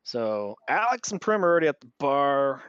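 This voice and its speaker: A man's voice: mid-range voice, very animated, normal speed, fairly bright tone, clean tone, no room sound, lo-fi sound. Game master man narrating a tabletop scene. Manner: descriptive, with many fillers.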